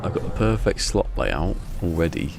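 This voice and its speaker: A man's voice: moderate pace, creaky, over music. A man streaming a game, chatting casually and rambling through stories with frequent chuckles. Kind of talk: casual chat while gaming. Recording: steady rumble behind the voice.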